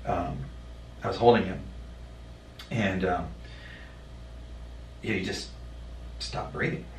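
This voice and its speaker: A man telling a personal story in a podcast conversation, blunt and profane, halting with many fillers. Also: low voice, fairly even intonation, darkish tone, a little hiss or hum. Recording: roomy sound from a distant mic.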